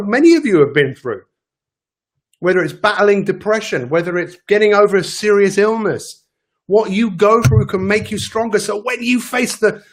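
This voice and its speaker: A man giving an emphatic motivational daily talk as a coach, repeating his key phrases. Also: high-pitched.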